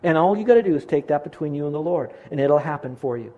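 Man, pastor, sermon, earnest, slows for emphasis, somewhat high voice. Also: expressive, dark tone, muffled recording.

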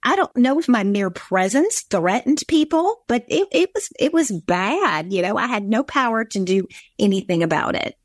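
A woman's voice: a little high, expressive, normal speed, no room sound, clean studio sound. A woman with a Southern accent from Georgia, earnestly telling a personal story on a talk show.

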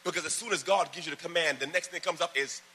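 A man with a high, very bright and forceful voice preaches to his church. He pulls the congregation into call-and-response, climbs to loud, fervent emphasis, then drops back into easy storytelling asides. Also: quick pace, slightly rough. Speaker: pastor.

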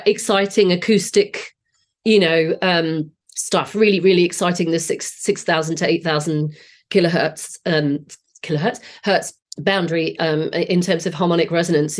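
A woman in her late forties with a Southeast English accent, a singing teacher guest explaining her ideas with enthusiasm and frequent restarts. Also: low-pitched. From Southeast England. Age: 40s. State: voice a bit off today. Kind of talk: podcast interview.

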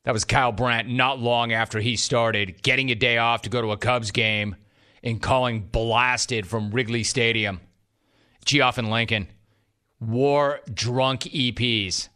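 A man's voice: medium pitch, steady tone, measured pace, bright, forceful tone. A man hosting a talk radio show, chatting wryly and reading listener messages. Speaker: radio sports talk host.

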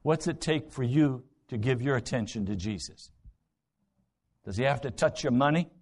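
A man's voice: mid-range voice, lively intonation, moderate pace. A man preaching a sermon, retelling Bible stories with dramatic voices and rhetorical questions. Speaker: pastor.

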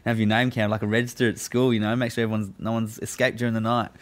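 A low-voiced man swears his way through a casual story, laughing often. His delivery gets animated as he recounts what happened. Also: rapid-fire. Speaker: guest telling a prison story. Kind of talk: casual chat.

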